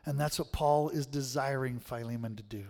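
A man's voice: mid-range voice, fairly even intonation, moderate pace, creaky, a little mellow, big-room sound. A man preaching a sermon in a conversational way, often checking in with the room with "right?".

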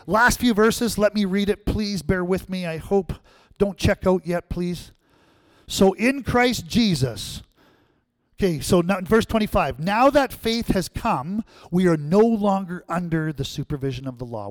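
A pastor preaches to his congregation in a fairly high male voice. He keeps throwing questions back at the room and swings between loud, emphatic lines and quiet asides. The sound is close and dry, with no room echo. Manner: call-and-response, asking the congregation questions. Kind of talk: sermon.

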